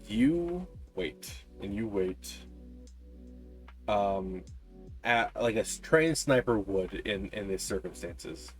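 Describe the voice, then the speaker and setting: Low-voiced male game master. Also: takes it slowly, soft background music. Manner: descriptive, hesitant with frequent ums and uhs. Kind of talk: narrating a tabletop game.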